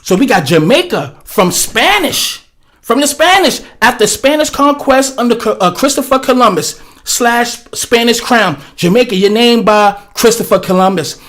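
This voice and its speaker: Male stream host, high voice, profane rambling rant, webcam mic. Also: lively intonation, moderate pace, a bit bright. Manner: blunt, profane, rambling with many fillers. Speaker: livestream host. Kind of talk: profane ranting commentary. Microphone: webcam setup.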